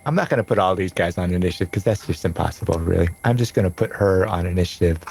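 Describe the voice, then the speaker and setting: A man narrating as game master of a tabletop game, rambling with frequent pauses and restarts. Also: deep voice, creaky, a little mellow, a little hiss or hum, low-quality recording.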